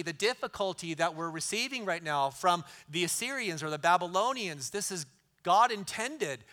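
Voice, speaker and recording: A man's voice: sits high, sharp tone. A middle-aged man preaching a sermon in an earnest way, repeating key lines for emphasis. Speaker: pastor.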